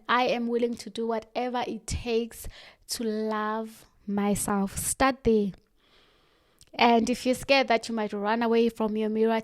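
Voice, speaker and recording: A woman with a fairly high voice speaks slowly and deliberately, leaning into her words with earnest, firm conviction. The sound is close and dry, with no room around it. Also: no room sound. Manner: earnest, direct and firm, with slow emphatic pauses. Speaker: self-help vlogger. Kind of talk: motivational talk to camera.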